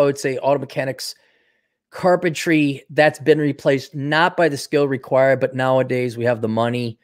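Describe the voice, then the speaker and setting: A man talking in a casual unscripted monologue, blunt, sardonic and opinionated, and saying he is losing his voice. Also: medium pitch. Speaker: video commentator.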